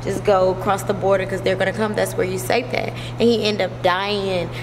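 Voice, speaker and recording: A woman's voice: mid-range voice, level tone, normal speed, noisy background. A woman vlogging casually at home, chatty and slangy, laughing often. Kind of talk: casual vlog chat.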